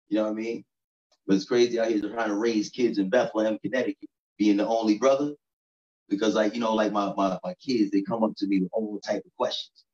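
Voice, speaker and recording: A man's voice: on the low side, fast, a little mellow, recorded from a distance. A stand-up comedian from New York City in his thirties, talking to the crowd in a loose, chatty way and often asking "you know what I'm saying.". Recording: roomy echo, dull lo-fi sound.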